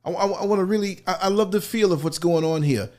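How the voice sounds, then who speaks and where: Slightly high-voiced guy hosting a call-in show, excited, trips over his words. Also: fast. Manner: enthusiastic, stumbling restarts. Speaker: host.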